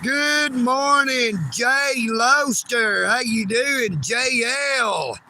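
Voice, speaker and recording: Standing beside railroad tracks, a male livestream host chats casually and folksily with his audience, calling out viewers by name from his phone. He has a very high-pitched, pushed, bright voice and talks very slowly, while the poor-quality audio carries a slight hiss or hum.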